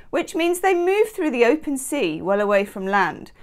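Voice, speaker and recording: A woman's voice: high voice, very animated, moderate pace, hardly any pauses. A woman hosting a daily tarot channel, chatting casually and playfully and reading aloud from an almanac with self-deprecating asides. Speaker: tarot reader and channel host.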